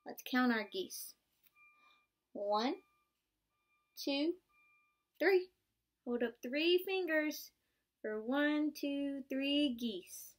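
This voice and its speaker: A woman's voice: high voice, slow pace. Young woman reading aloud to kids. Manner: interactive and encouraging, asks children to join in; gasps and plays up surprises. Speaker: student teacher. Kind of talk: reading a picture book aloud to young children.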